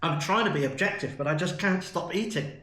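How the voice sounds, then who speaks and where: Uk guy gushing over food on a vlog, a bit high, roomy echo. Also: fairly quick, fairly bright tone. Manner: enthusiastic, chatty, savouring the food. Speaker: food vlogger. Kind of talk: casual food review vlog.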